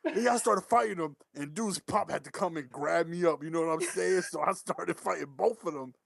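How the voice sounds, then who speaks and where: Rambling man with a higher voice. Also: brisk, gravelly, no room sound, studio quality. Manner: rambling, self-interrupting. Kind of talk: casual chat.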